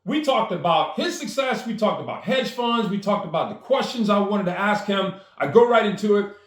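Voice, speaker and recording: Animated man telling a story, high lively voice. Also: moderate pace, echoey room. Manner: enthusiastic, acts out quoted dialogue. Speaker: storyteller and speaker.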